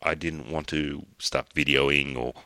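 A middle-aged Australian man with a remarkably deep, low voice hosts a casual podcast. He wanders through his story with false starts and the odd swear word. The sound is dry, with no room echo. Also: fairly even intonation, bright, forceful tone. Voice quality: rambling, talks in halting restarts, swears casually. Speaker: podcast host.

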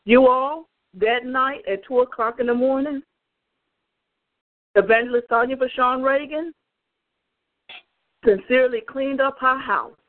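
Over a tinny phone line, a woman with a high voice speaks a little slowly and pauses often. She's an evangelist on a prayer call, giving fervent, emphatic testimony straight to her listeners.

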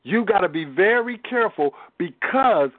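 A man's voice: sits high, animated, normal speed, dry recording. A man teaching a Bible study over the telephone, preaching earnestly and often repeating words as he restarts a thought. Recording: tinny dry phone line.

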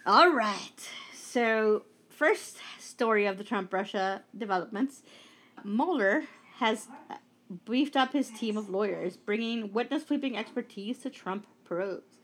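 A woman's voice: a little high, unhurried, fairly bright tone. A woman co-hosting a casual political podcast, recapping news stories with blunt, profane asides. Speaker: podcast co-host. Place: Brooklyn.

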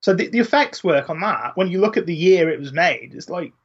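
A man's voice: high voice, lively intonation, brisk, lo-fi sound, crowd noise. A man co-hosting a casual film podcast, chatty and full of trivia, often tagging his points with questions. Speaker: podcast co-host.

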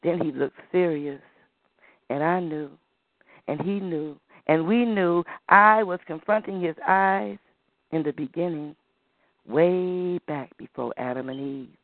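A man voicing a proud old grandmother who tells the children family history in a slow storytelling way, heard over a tinny phone-like line. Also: fairly high pitch, no room sound. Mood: fond, proud.

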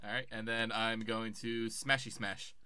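Relaxed tabletop player, crisp bright voice. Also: mid-range voice, a little slow, no room sound. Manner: laid-back, hesitant with fillers while planning moves. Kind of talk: casual tabletop play.

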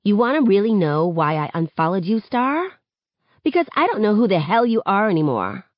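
A woman reading aloud, voicing a defensive, sharp-tongued teenage girl with shrill, accusing lines. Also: big pitch swings, normal speed, dry recording, highs cut off, close to an everyday voice. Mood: cold.

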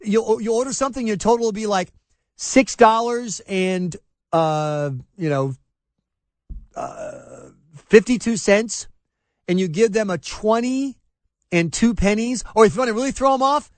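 A man hosting a talk radio show, telling stories in an animated, sarcastic way and mocking people in put-on voices. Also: high voice, measured pace, no room sound.

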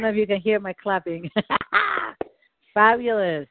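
A woman's voice: mid-range voice, a little slow, slight background noise. Woman coach on a tinny call line. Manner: encouraging, guides with phrases to repeat. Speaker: tapping coach. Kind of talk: guided tapping session over a call.

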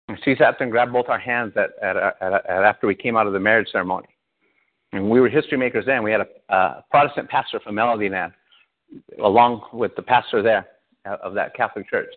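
A man's voice: on the low side, fairly quick, long pauses. Man telling his story over a tinny line. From Southern California. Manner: animated storytelling, often laughing. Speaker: pastor. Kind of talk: personal testimony. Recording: tinny phone-like sound.

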